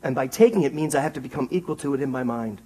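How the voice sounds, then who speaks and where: A man preaching a sermon to a congregation in a small theater, animated and rising to excited emphasis, asking his listeners questions. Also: mid-range voice, rapid-fire, husky. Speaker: minister.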